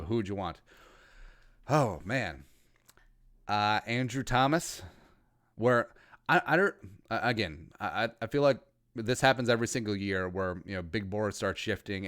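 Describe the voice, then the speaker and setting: A man's voice: lowish voice, a bit bright. Rambling, joking man hosting a podcast. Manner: rambling, joking, crude asides. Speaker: podcast host. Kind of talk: casual livestream chat.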